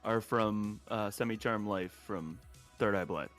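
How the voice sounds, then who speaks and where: A man's voice: fairly low pitch, a little slow, fairly bright tone, faint music behind. A man, co-hosting a casual live stream with playful banter. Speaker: co-host.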